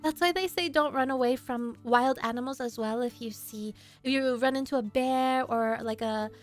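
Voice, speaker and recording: A woman streamer telling a story casually to her chat, animated and laughing often. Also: sits high, moderate pace, faint music behind.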